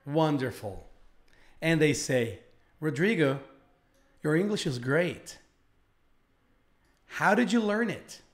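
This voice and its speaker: Slow, repetitive male English teacher. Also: a little high, darkish tone. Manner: slow, repeats phrases for learners. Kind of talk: live online English lesson.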